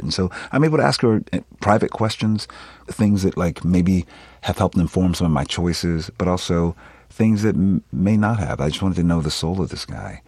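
A low-pitched man with a breathy edge, recorded dry, is a Philadelphia actor in his fifties. In a conversational interview he talks about his work. His storytelling is animated and expressive, punctuated by laughs.

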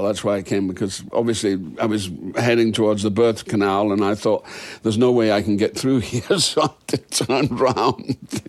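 A man with a fairly low voice speaks in a candid interview. He is an actor, looking back on things thoughtfully and frankly, and now and then lets out a soft laugh.

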